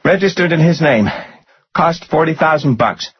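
Man putting on a practical woman, raised pitch, crisp and matter-of-fact, husky, lo-fi sound. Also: lively intonation, normal speed, no echo. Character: brisk, practical young woman. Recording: muffled lo-fi audio.

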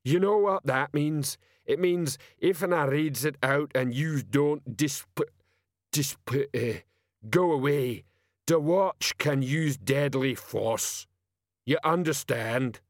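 A man voicing a huge, slow-witted male troll sergeant who bellows and stumbles over long words, in an audiobook. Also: on the high side, no room sound, studio quality. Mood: laboured. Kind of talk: audiobook character voice.

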